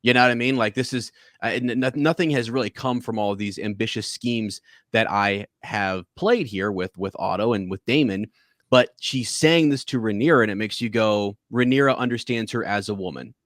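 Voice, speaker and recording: A man's voice: fairly low pitch, moderate pace, a bit bright, dry recording. Rambling podcast man, dry sound. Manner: rambling, many restarts, agreeable. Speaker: podcast co-host. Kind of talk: casual TV review chat.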